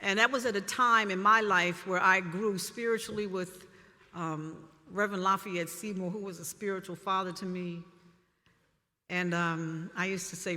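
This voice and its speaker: A woman's voice: fairly low pitch, pushed and bright. A woman poet speaking in an earnest, heartfelt way at a live reading in a church hall. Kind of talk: live poetry reading and audience talk. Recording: reverberant hall, live jazz, audience.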